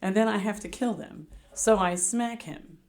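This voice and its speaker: A middle-aged woman co-hosting a podcast, chatting casually as a lively storyteller. She is mid-pitched and her voice moves around a lot as she acts out the people in her stories. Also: normal speed. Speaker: podcast co-host. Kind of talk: casual chat.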